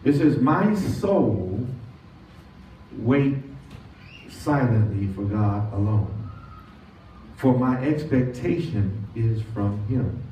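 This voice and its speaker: With a warm, medium-pitched voice and lively intonation, a pastor preaches a sermon, leading call-and-response and stretching key words out slowly for emphasis. It's recorded distantly in a church sanctuary, sounding echoey, dull, lo-fi and faintly noisy.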